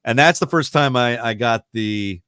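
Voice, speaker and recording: A man from the Baltimore area, a radio broadcaster telling stories in a casual interview, chatty and quick to laugh. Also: medium pitch, fairly bright tone, clean tone, no room sound. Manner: chatty storyteller, laughs often, many restarts.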